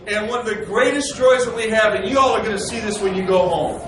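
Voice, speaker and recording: A middle-aged man giving an animated storytelling speech to an audience of veterans, acting out the dialogue he recounts. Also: high-pitched, fast, poor audio. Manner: animated, acts out quoted dialogue. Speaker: speaker addressing veterans.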